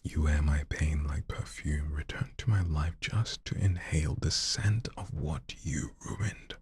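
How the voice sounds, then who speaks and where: A man hosting a live show, reading submitted poems in a soft near-whisper and chatting loosely between them. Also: extremely low pitch, unhurried, dry recording, clean studio sound. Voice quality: husky, breathy. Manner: reads softly in a near-whisper, then chats loosely with slang. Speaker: host reading listener submissions. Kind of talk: live poetry reading with casual commentary.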